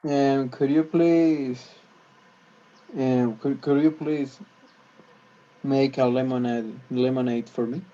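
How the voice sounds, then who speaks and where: A man learning English, practicing polite requests and often pausing to search for words. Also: medium pitch, fairly even intonation, warm tone, dull audio. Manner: hesitant, restarts, searches for words. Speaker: English student.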